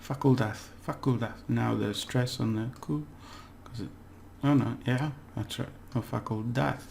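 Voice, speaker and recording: Man, language teacher, slow and deliberate, gravelly fry, relaxed chatty manner. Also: mid-range voice, slight background noise. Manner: relaxed and chatty, repeats words slowly for practice, laughs at himself. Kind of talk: casual spoken language lesson.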